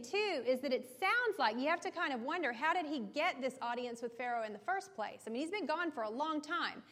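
Woman teaching a Bible study in a hall. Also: fairly high pitch. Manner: explanatory, conversational, checks in with listeners.

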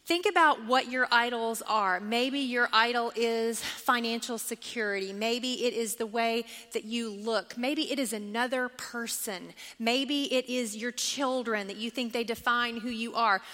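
A woman's voice: a little high, a little slow, few pauses, bright, forceful tone, in a large hall. A woman teaching a Bible study class, reading scripture aloud and asking the group questions as she goes. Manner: engaging, asks the class questions.

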